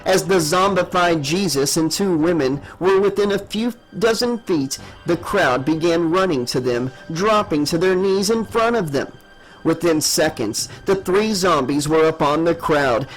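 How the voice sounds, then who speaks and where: Male audiobook narrator, a bit high-voiced, measured and dramatic horror reading. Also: soft background music, low-quality recording.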